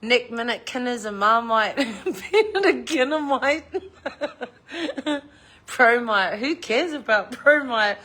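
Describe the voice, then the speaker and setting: Brief: middle-aged woman, unhurried, rambling livestream host who laughs and swears. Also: a little high, expressive, bright, forceful tone. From New Zealand. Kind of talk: casual livestream chat.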